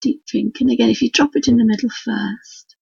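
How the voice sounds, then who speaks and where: A hoarse woman with a Yorkshire accent talks on a live stream, heavy on gravelly fry and very husky. Her voice sits a little high for a woman, and she rambles on in a homely way. The sound is dull and lo-fi, with a dry, close feel. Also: brisk, warm tone, dry recording. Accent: Yorkshire English. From Yorkshire, England. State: hoarse, croaky voice. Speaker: craft tutor streaming live. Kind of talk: chatty live painting demonstration. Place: at home at her work desk. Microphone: computer mic for a live stream.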